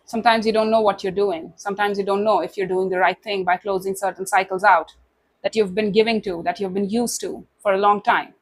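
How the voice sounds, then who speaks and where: Speaking straight to the listener in a casual to-camera tarot reading, a woman sounds warm and emotive, full of asides and "you know"s. Her medium-pitched voice holds fairly even intonation and runs a little fast.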